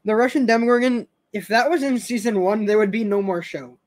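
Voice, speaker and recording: A man's voice: high voice, steady tone, fairly quick. A young man hosting a casual fan stream, rambling with frequent stammers, restarts and laughs. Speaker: show fan host.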